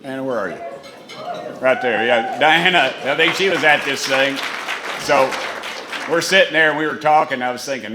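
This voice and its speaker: Speaking a little slowly at a medium pitch, a man with an East Tennessee accent delivers a self-mocking, folksy dinner speech as a congressman. He rambles in a banquet hall whose echo carries faint room noise.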